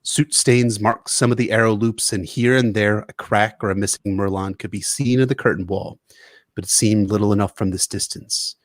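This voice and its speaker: A man's voice: fairly low pitch, fairly even intonation, moderate pace, no echo. A man in his young adult years, co-hosting a podcast and reading a chapter synopsis with earnest, emotional delivery. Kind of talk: book synopsis reading and chat.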